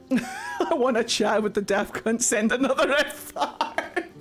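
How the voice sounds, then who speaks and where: A woman streamer chats crudely with her viewers, breaking into giggles often. Her slightly high voice bounces lively up and down. Faint game music runs underneath. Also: slow pace. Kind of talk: live stream commentary.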